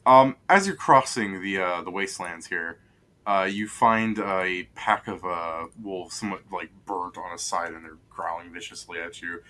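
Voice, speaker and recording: A young man narrating a tabletop game as game master, in a rambling way full of fillers and quick asides. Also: low-pitched, pushed and bright.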